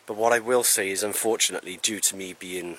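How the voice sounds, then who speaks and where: A man's voice: low-pitched, fairly even intonation, fast, a bit bright, husky. A man, chatting casually and out of breath while camping in a wood. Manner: chatty, rambling, self-deprecating. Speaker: camping vlogger. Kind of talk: casual vlog talk to camera. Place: outdoors in woodland. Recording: faint outdoor noise.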